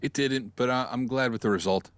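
A man's voice: medium pitch, brisk, dry recording, clean studio sound. A man co-hosting a podcast in casual chat, dropping wry, blunt interjections. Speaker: podcast co-host.

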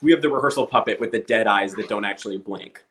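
A man's voice: lowish voice, fast talker, poor audio. A man telling a story casually, acting out the voices of the people in it. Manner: animated storyteller acting out quotes.

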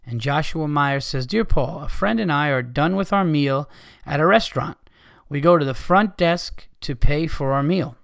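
A man with a high voice hosts his podcast in a heated, profane rant. He talks with frustration and swears freely throughout. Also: moderate pace, gravelly, fairly bright tone. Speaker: podcast host. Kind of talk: ranting podcast monologue.

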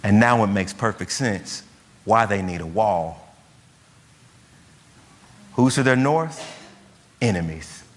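A man's voice: on the low side, animated, takes it slowly, pauses often. Pastor guy preaching, punchy rhetorical questions, big echoey church hall. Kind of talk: sermon. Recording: long hall reverb.

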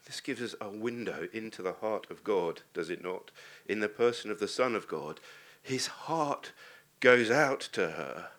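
A man's voice: mid-range voice, a bit bright. A man preaching a sermon, earnest and posing rhetorical questions to the congregation.

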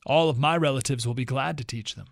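A man's voice: medium pitch, fast talker, vocal fry, no room sound, clean studio sound, natural voice. A man voicing a stubborn kangaroo from a storybook, reading it aloud on the radio. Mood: insistent. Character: stubborn male kangaroo on a school board.

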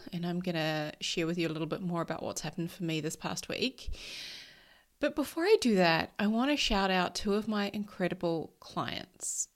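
A woman, hosting a podcast as a life coach, sounding nasal from a cold and talking in an upbeat, blunt way. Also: fairly low pitch. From New Zealand. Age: 30s. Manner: upbeat, blunt, swears casually. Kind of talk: casual chat.

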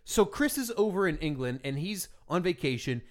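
Podcast co-host: American man, slightly high, very animated pitch, rambling and deadpan. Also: moderate pace. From United States. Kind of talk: casual banter.

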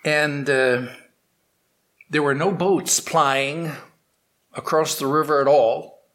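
A male storyteller recounts a tale aloud, unscripted, with restarts and fillers. His voice sits a little high, and he stretches out lines for suspense. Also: fairly even intonation, slow, a bit bright. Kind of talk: oral storytelling.

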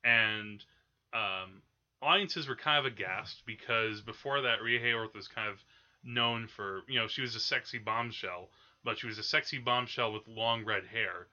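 Rambling bright-voiced man talking films. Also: fairly low pitch, normal speed, highs cut off. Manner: rambling, many fillers and restarts. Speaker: podcast host. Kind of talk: casual film discussion.

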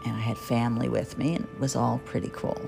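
A woman's voice: rumbling low, flat delivery, fast, vocal fry. A woman in her fifties from New Jersey, hosting a podcast in a candid, chatty, self-deprecating monologue. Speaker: podcast host. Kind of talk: personal monologue. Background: guitar music.

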